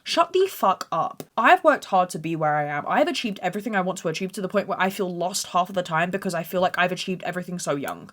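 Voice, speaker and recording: Woman, twenties, podcast host, casual storytelling, sweary, dramatic, bright forceful voice. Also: fairly low pitch, lively intonation, fast talker, hardly any pauses. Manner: blunt, sweary, dramatic and unfiltered.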